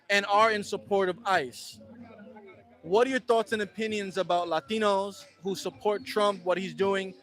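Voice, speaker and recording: A man's voice: sits high, a bit bright. A man interviewing a passerby, asking questions hesitantly with frequent ums.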